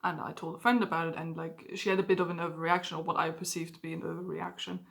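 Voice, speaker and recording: A woman's voice: low-pitched, little pitch movement, fast, a bit bright. A woman vlogging candidly about her own experiences, swearing freely and acting out her past outbursts. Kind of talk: personal confessional vlog.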